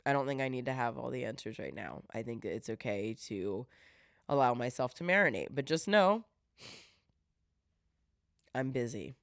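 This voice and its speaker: A woman with a low voice hosts her own podcast, talking in an earnest, heartfelt way with plenty of fillers. She sounds a little teary-eyed, and the recording is close and dry with no room sound. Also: very animated, normal speed, creaky, pauses often, no room sound. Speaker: podcast host. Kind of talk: casual solo podcast talk.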